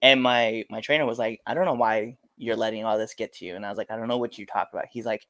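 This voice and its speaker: A man's voice: lowish voice, fast, no echo. A man, a professional wrestler, telling casual stories in an interview and acting out what others said. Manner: animated storyteller, acts out quotes.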